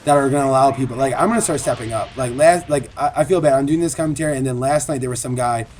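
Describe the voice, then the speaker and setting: A man's voice: medium pitch, fast talker, a little mellow. A man giving a casual, earnest video commentary as a gaming commentator, rambling and repeating himself.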